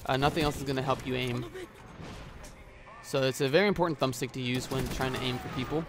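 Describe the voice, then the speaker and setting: A man's voice: medium pitch, steady tone, brisk, background noise. A man giving casual gameplay commentary as a gaming YouTuber, rambling with many filler sounds and swearing at the game, recorded on a headset mic.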